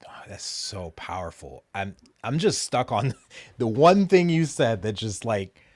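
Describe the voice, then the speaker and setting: A man's voice: fairly low pitch, very animated, measured pace, no room sound. A man hosting a podcast interview, asking searching questions and often restarting mid-sentence. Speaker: podcast host. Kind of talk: conversational interview.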